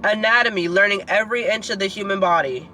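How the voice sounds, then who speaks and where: A woman's voice: medium pitch, fast, pushed and bright, slight background noise, low-quality recording. A 22-year-old woman in a casual vlog, ranting in frustration straight to her viewers and leaning on lots of "like" and "girl". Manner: filler-heavy, keeps saying "like" and "girl". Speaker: vlogger and student.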